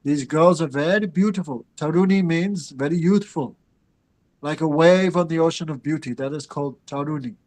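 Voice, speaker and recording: A man's voice: a little high, normal speed, darkish tone, low-quality recording. A man teaching a scripture class. He chants Sanskrit and Bengali verses and then explains them, turning to his students with asides. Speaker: spiritual teacher.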